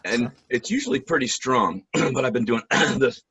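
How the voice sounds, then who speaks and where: Hoarse husky guy on a video call, telling stories, laughs and clears his throat a lot. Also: mid-range voice, normal speed. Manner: animated storyteller, laughs and clears throat often. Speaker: guest, musician and voice actor. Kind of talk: casual storytelling chat.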